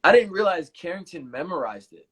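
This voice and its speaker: A man's voice: high-pitched, lively intonation, a little fast, fairly bright tone, breathy edge. A young man hosting a casual live Q&A, telling stories in a laid-back way with plenty of filler words. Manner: laid-back storytelling, many "like" fillers, repeats himself. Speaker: channel host.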